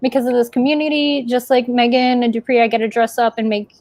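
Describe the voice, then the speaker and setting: A woman's voice: a little high, little pitch movement, quick pace, darkish tone, a little hiss or hum. A woman chatting as a guest in a casual group talk, full of fillers and likes.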